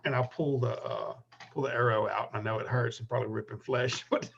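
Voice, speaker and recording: A man's voice: mid-range voice, steady tone, fast talker, creaky, muffled recording, slight background noise. A man playing a tabletop game, casually describing his character's actions and thinking aloud. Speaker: player.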